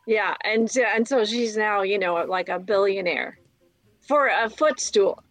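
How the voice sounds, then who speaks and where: A woman co-hosting a morning show, chatting casually and reacting quickly to the others. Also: mid-range voice, fairly bright tone, faint music behind, rough recording. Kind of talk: casual chat.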